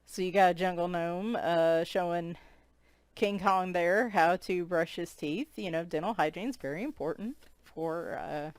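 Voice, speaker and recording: A woman gives casual, amused commentary, breaking into giggles often. Her voice is smooth and clear, and she talks at an unhurried pace. The sound is dry and close, with no room echo. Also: on the low side. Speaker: coloring book reviewer. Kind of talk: casual flip-through commentary.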